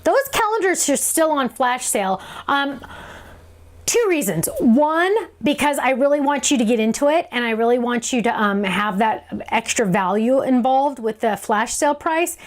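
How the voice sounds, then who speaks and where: Upbeat chatty lady running a craft stream, kinda high voice, laughs a lot. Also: animated, normal speed. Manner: chatty, bubbly, laughs often. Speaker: craft show host. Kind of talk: live stream Q&A chat.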